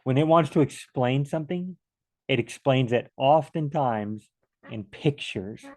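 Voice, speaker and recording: A man's voice: medium pitch, measured pace, a little mellow. A man teaching a casual bible study from home, rambling and acting out little back-and-forth dialogues.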